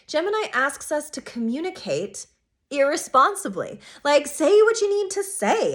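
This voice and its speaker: A woman astrologer giving a casual weekly forecast, talking straight to her viewers with emphatic, animated delivery that sometimes drops to a soft hush. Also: a little high.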